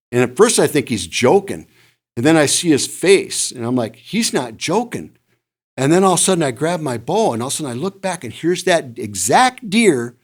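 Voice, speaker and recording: A man on a podcast telling a hunting story in casual talk, animated and imitating deer calls now and then. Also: medium pitch. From Midwest United States. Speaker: podcast co-host, hunter.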